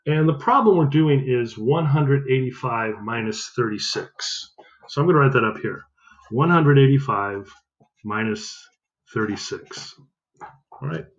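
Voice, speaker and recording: A man's voice: mid-range voice, lo-fi sound. A male math teacher giving a recorded lesson, upbeat, counting aloud and correcting himself as he goes.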